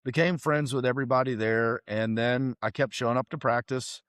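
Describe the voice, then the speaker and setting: A middle-aged man, from South Carolina, telling stories as a podcast guest in a casual, animated way and acting out the people he quotes. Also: mid-range voice, a little fast, dry recording, studio quality. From South Carolina, USA. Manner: animated, acts out quoted voices. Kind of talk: casual storytelling.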